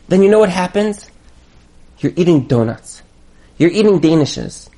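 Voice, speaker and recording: Male marriage coach, preacher-like and repetitive, with a voice that swings widely in pitch. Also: expressive, measured pace, long pauses, mellow. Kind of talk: motivational talk.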